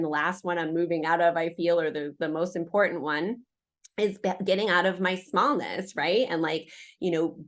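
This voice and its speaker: Woman in animated spiritual chat. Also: mid-range voice. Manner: animated storytelling with lively acted-out quotes. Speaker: podcast co-host.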